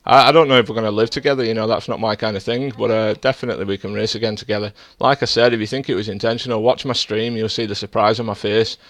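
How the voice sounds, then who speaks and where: A man's voice: on the low side, steady tone, quick pace, hardly any pauses, a bit bright, dry recording. A man streaming a sim race, arguing defensively and lecturing rivals over voice chat. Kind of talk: heated in-game voice chat argument.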